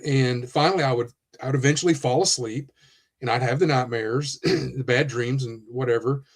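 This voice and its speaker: A man hosting a podcast, himself a retired police officer, speaking in a measured, reflective way. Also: medium pitch. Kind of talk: candid podcast conversation.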